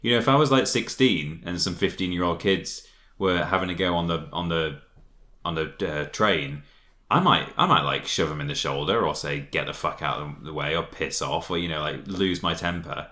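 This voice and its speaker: A man in his thirties chats casually on a podcast, rambling earnestly. His voice is very low, yet forceful and bright in tone. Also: expressive, normal speed. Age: 30s. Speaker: podcast host. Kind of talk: casual chat.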